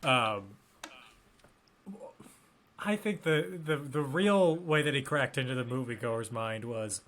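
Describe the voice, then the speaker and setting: A man hosting a podcast in casual chat, asking questions in a dry, measured way. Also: medium pitch, a bit bright, slight background noise. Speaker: podcast host.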